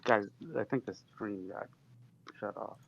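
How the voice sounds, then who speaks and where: This is a man helping run a livestream. He talks calmly and matter-of-factly while sorting out a technical problem. His low voice comes through a muffled, lo-fi mic that sounds like an intercom. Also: a little slow. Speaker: stream technician and co-host. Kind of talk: casual chat.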